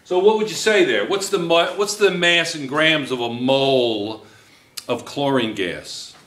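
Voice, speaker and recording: A man's voice: on the high side, lively intonation, unhurried, a bit bright. A man teaching a chemistry review class, coaxing students with question after question. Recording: echoey classroom.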